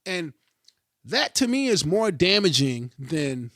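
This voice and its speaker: A middle-aged man talking casually as a podcast guest, emphatic and animated, swearing freely and often checking in with his listener. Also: on the high side, slow, creaky, no room sound, studio quality. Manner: animated, emphatic, swears freely, keeps asking "you know what I mean". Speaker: podcast guest, pro skateboarder. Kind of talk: casual interview chat.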